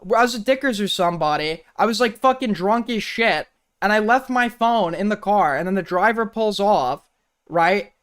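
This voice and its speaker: A man's voice: sits high, animated, normal speed, a bit bright, clear, resonant tone. A man streaming and reacting to clips, talking in a sarcastic, rambling, profane way. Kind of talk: casual stream commentary.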